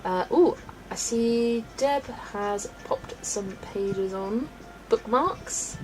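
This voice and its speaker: A woman's voice: a little high, animated, drawn-out words, a little mellow, faint music behind, low-quality recording. A woman chatting casually on a live stream as she colours, thinking aloud, giggling often, and talking into a webcam mic.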